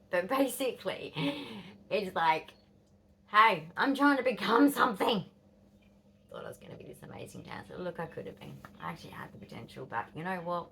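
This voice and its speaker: A woman's voice: on the low side, vocal fry, slight background noise. An Australian woman in her fifties telling a rambling, blunt story to camera, swearing and dropping into whispers. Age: 50s. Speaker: vlogger.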